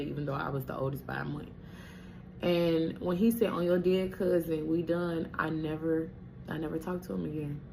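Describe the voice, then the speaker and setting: A woman's voice: sits low, slight background noise. A woman in her twenties telling a personal story in a blunt, profane, casual way, talking straight to her viewers.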